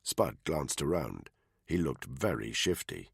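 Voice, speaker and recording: Reading scripted thriller narration, this man has a very deep, husky, gravelly voice that moves around lively in pitch. His delivery is measured and expressive, and the close, dry recording has no echo.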